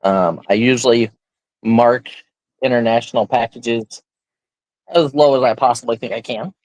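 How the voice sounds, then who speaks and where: A man's voice: mid-range voice, fairly even intonation, moderate pace, a little mellow, no room sound. Chatty man hosting a live auction stream. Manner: chatty, rambling, explains items as he shows them. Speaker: auction host.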